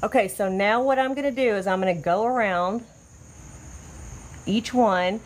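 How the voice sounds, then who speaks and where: A woman hosting a casual live craft demonstration, chatty and easily excited as she greets viewers. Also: medium pitch, moderate pace, pauses often, a little hiss or hum. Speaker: crafter hosting a livestream tutorial. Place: outdoors or by an open window, fading daylight.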